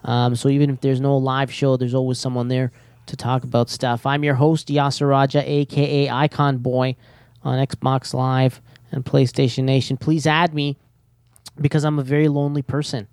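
A man with a medium, fairly flat, mellow, and smooth voice speaks at a moderate pace in a clean studio recording with no room sound. Hosting a casual solo podcast, he rambles nervously, uses many fillers, and makes jokes at his own expense.

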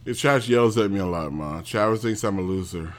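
A man streaming casually, grumbling in a mopey, deadpan way and trailing off low and quiet. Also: a little fast. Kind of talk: casual comedic stream chat.

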